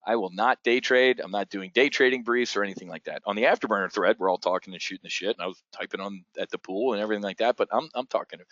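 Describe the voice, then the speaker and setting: A man's voice: medium pitch, a bit bright, no room sound. A blunt, rambling man hosts a casual live trading briefing, swearing freely and jumping between points. His voice sits mid-range, and the recording is dull and lo-fi with a dry, close sound. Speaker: options trading host.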